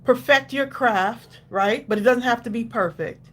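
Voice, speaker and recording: A woman's voice: on the high side, a little slow, fairly bright tone. A woman hosting a crafting livestream who chats casually, encourages viewers and laughs often. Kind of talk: casual live-stream chat.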